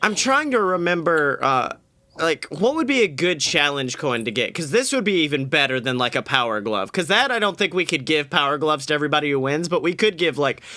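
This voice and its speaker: Bright-voiced man cracking blunt jokes. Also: fairly high pitch, no room sound. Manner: blunt, swears casually, self-mocking. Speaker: podcast co-host. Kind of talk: casual chat.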